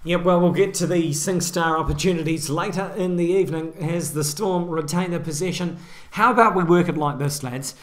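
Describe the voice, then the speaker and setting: This is a man doing live sports commentary with mates. His voice sits high and sounds bright and forceful. He rambles through banter, then surges into excited play-by-play when a try looks on. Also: normal speed. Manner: excitable play-by-play, rising on big moments.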